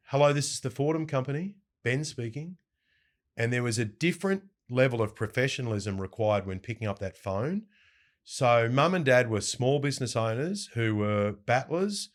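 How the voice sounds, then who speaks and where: A middle-aged Australian man, a radio host, telling lively stories in an interview and mimicking the people he quotes. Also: fairly low pitch. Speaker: breakfast radio host, guest. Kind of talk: casual storytelling interview.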